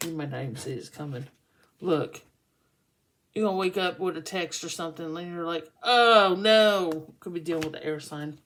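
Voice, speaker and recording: A woman's voice: sits low, steady tone, a little fast, slight background noise. A woman doing a casual tarot reading for her channel, chatty and often laughing. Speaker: tarot reader.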